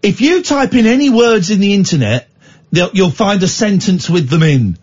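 A man's voice: high voice, animated, moderate pace, darkish tone, husky. A man hosting late-night radio, bantering with a co-host in mock outrage. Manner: playful, mock-outraged teasing. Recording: dull lo-fi radio studio sound.

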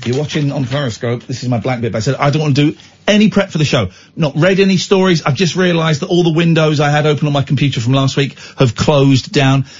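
A man's voice: on the high side, fast talker, breathy edge, highs cut off. A man hosting a radio show, chatting casually and teasing his co-host with jokes. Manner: animated, teasing, jokey.

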